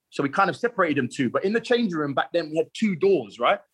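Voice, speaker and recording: Husky man telling a wild story. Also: a little high, quick pace, few pauses. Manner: animated anecdote-telling, laughs often, repeats words. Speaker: guest footballer. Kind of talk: casual storytelling interview.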